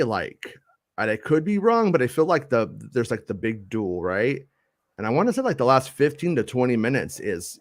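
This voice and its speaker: A man's voice: mid-range voice, no room sound, studio quality. A man hosting a casual chat show, rambling and joking with many fillers and restarts. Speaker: podcast host.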